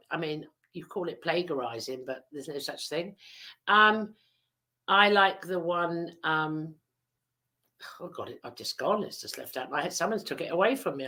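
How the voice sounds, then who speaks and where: A woman's voice: fairly low pitch, pushed and bright. Chatty teasing woman host. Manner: chatty, teasing, rambling with many fillers. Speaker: podcast host. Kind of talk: casual chat and storytelling.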